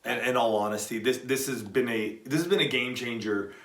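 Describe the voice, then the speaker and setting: A man's voice: medium pitch, fairly quick, fairly bright tone, roomy sound. A middle-aged man co-hosting a show, casually giving practical tips in an easygoing way. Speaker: podcast co-host. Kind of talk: casual product chat.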